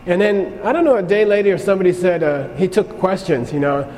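A man's voice: high-pitched, brisk, a little mellow, slight background noise. A man teaching a Buddhist class, telling stories in a conversational way and often checking in with his students. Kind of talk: classroom lecture with anecdotes. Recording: long hall reverb, faint ambience.

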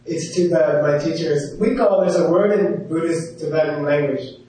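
A man's voice: on the high side, moderate pace, dark tone. A man teaching a class, telling a story in a chatty way full of "you know" asides. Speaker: yoga teacher. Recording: echoey room heard from a distance.

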